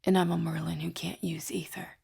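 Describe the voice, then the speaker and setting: A woman voicing a brooding young male mage who mutters in a low, half-whispered way, sardonic and bored. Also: little pitch movement, brisk, vocal fry, a little mellow, slightly rough, full character voice.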